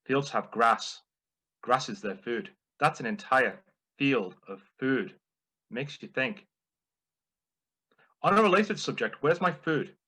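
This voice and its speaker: A man's voice: medium pitch, lively intonation, slow, long pauses, pushed and bright, slightly rough, full character voice, low-quality recording. A man voicing his self-absorbed pet cat, who makes everything about himself.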